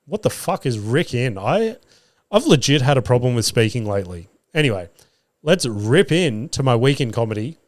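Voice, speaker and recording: A man's voice: mid-range voice, sing-song, moderate pace, no echo. Australian man, podcast host, casual storytelling, swears a lot, dry close sound. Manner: swears freely, acts out his own quoted lines. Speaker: podcast host and stand-up comedian.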